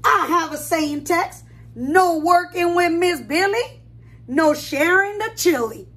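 A woman's voice: very high voice, slow, fairly bright tone, full character voice. A woman voicing a stern female armadillo cook who firmly refuses to share. She speaks in clipped, final-sounding lines.

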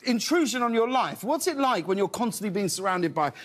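Chat show host, middle pitch, curious and playful with the guests. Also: sing-song, brisk.

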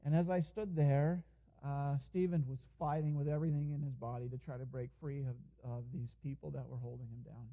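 A man's voice: mid-range voice, steady tone, a little fast, warm tone, dull audio. A man pastor preaching a sermon in a church, telling a story in an earnest way, often starting with "and, uh". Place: church sanctuary.

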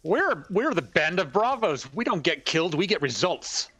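A man's voice: sits high, sing-song, normal speed, fairly bright tone. Earnest male tabletop player. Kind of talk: casual tabletop play.

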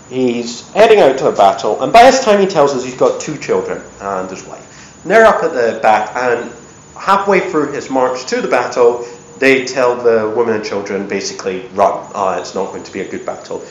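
A man giving a lively, chatty storytelling talk at an event, with plenty of ums and uhs. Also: medium pitch, moderate pace. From United States. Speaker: presenter. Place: event hall. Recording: echoey hall.

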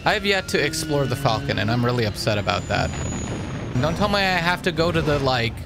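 Young male host for joking gameplay commentary; animated, fairly high, with game music under. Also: brisk, gravelly. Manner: excitable, jokey, swears often. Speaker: gaming channel host. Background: game music and sounds.

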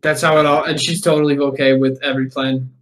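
A man co-hosting a podcast in casual chat, joking, swearing and pitching wild schemes. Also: little pitch movement, quick pace. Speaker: podcast co-host.

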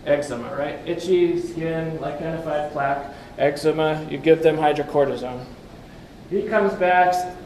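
Speaking a little slowly, this lecturer has a somewhat high, slightly mellow voice, and there's a bit of hiss or hum on the recording. He presents slides at a conference in a chatty style, posing questions to listeners and adding dry remarks, in an echoey room with faint ambient sound.

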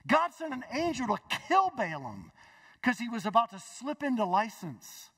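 A male pastor preaching a sermon in a church, emphatic, swinging between loud exclamations and hushed asides. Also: very high-pitched, very animated, moderate pace, slightly rough, distant mic. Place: church sanctuary.

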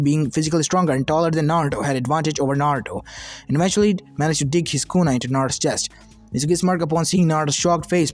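Guy reading a fanfic out loud, kinda high voice, lofi beat playing under. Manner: plain reading with slips. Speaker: fan fiction reader. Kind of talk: reading fan fiction aloud. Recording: soft lofi music behind.

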